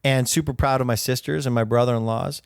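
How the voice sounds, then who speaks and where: A man in his thirties co-hosts a casual podcast and tells reflective stories about his children. His voice has a gravelly edge. The sound is close and dry. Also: medium pitch, fairly even intonation, fast talker, no echo. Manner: storytelling, reflective, fond of his kids. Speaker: podcast co-host. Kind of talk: casual chat.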